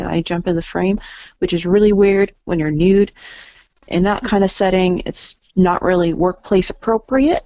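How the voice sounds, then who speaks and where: A woman's voice: fairly low pitch, fairly even intonation, moderate pace, darkish tone, dry recording, dull audio. A woman photographer and artist talking in a casual podcast chat, candid and laughing often, with some casual swearing.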